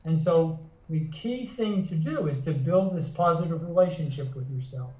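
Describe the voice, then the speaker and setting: This man, a psychotherapist and author, gives earnest, teaching-style explanations in an interview, frequently stopping to start a phrase over. His voice is a little high and dark, with lively intonation at normal speed, captured far from the mic in a reverberant room.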